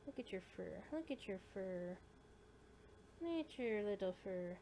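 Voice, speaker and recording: A woman's voice: mid-range voice, animated, measured pace, creaky, dark tone. A woman streaming a game, chatting casually and cooing at her kitten while the game loads. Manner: coos and baby-talks to a kitten between game remarks. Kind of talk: casual gameplay stream chat. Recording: faint background noise.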